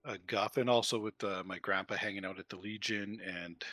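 A man's voice: lowish voice, steady tone, a little fast, pushed and bright, no room sound. A middle-aged man chatting casually about a wargame book, enthusiastic and rambling with many fillers. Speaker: co-host. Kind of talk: casual hobby chat.

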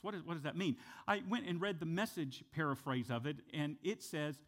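A man preaching a sermon, dramatic in delivery, swinging from loud, urgent emphasis to hushed, low asides. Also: animated, quick pace, hardly any pauses. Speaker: pastor.

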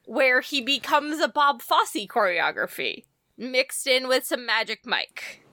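A woman co-hosting a podcast, chatting casually with quick quips and frequent giggles. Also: high voice, animated, bright, forceful tone, dry recording, studio quality. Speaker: podcast co-host. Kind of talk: casual chat.

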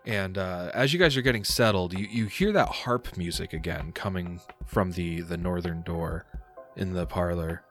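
A man's voice: deep voice, moderate pace, a bit bright, soft background music. A man narrating as game master of a tabletop game, casually and with many fillers.

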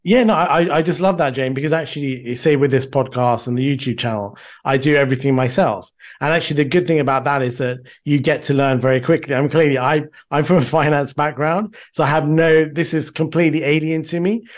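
A man's voice: a little high, brisk. A man hosting a podcast, chatting with enthusiasm and often repeating a word as he starts a sentence. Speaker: podcast host. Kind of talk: casual interview chat.

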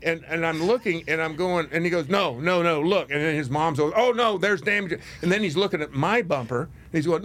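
An older man hosting a radio talk show, telling a story in an animated way, laughing and acting out voices. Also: fairly high pitch, brisk, few pauses. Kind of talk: casual storytelling chat.

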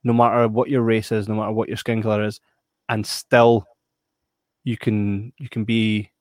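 A man's voice: fairly low pitch, normal speed, dry recording, studio quality. Emphatic Scottish man chatting about a film. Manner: animated, emphatic, acts out quoted voices. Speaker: podcast co-host. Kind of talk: casual chat reviewing a film.

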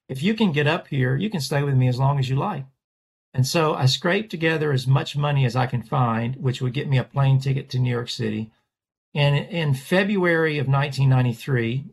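Casual man spinning a story, does the voices, kinda raspy. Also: mid-range voice. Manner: animated storyteller, acts out quoted voices. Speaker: portrait artist guest. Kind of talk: storytelling in a podcast interview.

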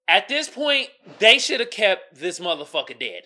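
Podcast host, man, African American Vernacular English, sharp bright voice, profane, goes from muttering to shouting. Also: high voice, moderate pace, few pauses. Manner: animated, swings between muttering asides and loud outbursts; slangy and profane, keeps asking "you feel me?". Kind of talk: casual solo podcast rant.

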